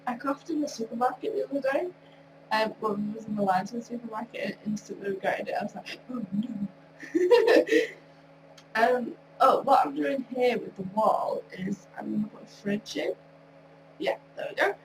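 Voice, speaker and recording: A woman's voice: fairly high pitch, animated, normal speed. Nasal young-sounding woman, off-mic with hum. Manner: rambling, chatty, laughs often. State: recovering from a cold, tired. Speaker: video creator. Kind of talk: casual commentary over gameplay. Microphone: wrong mic, far from speaker. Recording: distant mic with clear hum.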